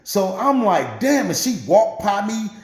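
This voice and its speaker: A man's voice: high voice, measured pace. A man telling a true story in a casual, profane, laughing way, with roomy echo. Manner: profane, animated, laughing often.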